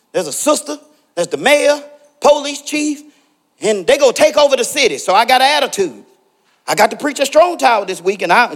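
A middle-aged man preaching with a strikingly high, lively voice that swings widely in pitch. He tells personal stories, calls out members of the congregation by name, and climbs into shouted exhortations. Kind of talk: sermon with personal storytelling.

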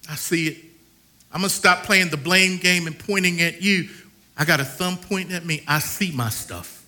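High, lively preaching man with drawl. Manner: preaching with dramatic swings between loud calls and hushed lists. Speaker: pastor. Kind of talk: sermon.

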